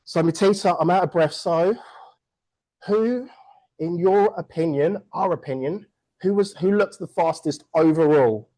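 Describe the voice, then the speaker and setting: Energetic virtual launch host. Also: medium pitch, a little slow, rough recording. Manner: energetic, playful, jokes with the audience. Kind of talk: upbeat event hosting. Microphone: video call.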